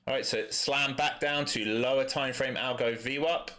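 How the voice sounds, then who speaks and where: A man's voice: mid-range voice, fairly even intonation, moderate pace, bright, forceful tone. A man from East London with a London accent, giving casual, blunt live commentary on his trades and answering chat. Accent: London English. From East London, England. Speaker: day trader streaming live.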